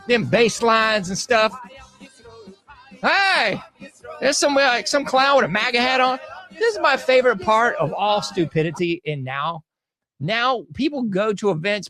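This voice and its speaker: A man's voice: high-pitched, bright, forceful tone. Sarcastic laughing male podcast host. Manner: sarcastic, laughing, drawling slang. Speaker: show host. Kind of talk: casual podcast commentary.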